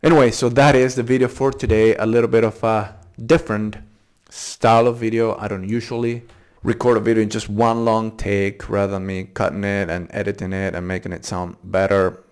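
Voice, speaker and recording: A man hosting a casual, unscripted pronunciation lesson, repeating tricky words slowly syllable by syllable and thinking aloud as he goes. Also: fairly low pitch, flat delivery, darkish tone, smooth. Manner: thinks aloud with fillers and restarts. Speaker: English pronunciation channel host.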